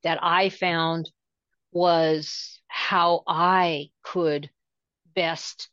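Slow, rambling woman co-host, dull lo-fi sound. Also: on the low side, fairly even intonation, a bit bright, no echo. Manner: meandering, halting, full of "you know" fillers. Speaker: co-host of a spirituality show. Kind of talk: casual conversational chat. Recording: dull lo-fi dry audio.

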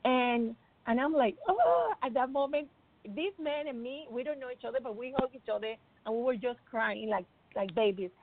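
Gravelly woman telling an emotional testimony. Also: on the high side, normal speed. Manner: earnest, emotional, acts out quoted voices. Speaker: speaker sharing a personal faith testimony. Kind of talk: emotional faith testimony storytelling. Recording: tinny phone-like dry sound.

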